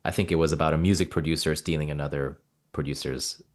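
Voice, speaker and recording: Man from Mauritania, low voice, animated storyteller, interview guest. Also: fast. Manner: animated anecdotes, acts out quoted dialogue. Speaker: actor, guest.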